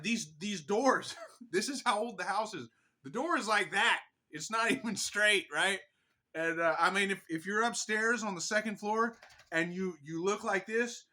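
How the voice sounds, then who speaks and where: A man from Pennsylvania telling a personal ghost story in a rambling, animated way, often tacking on "right?". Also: sits high.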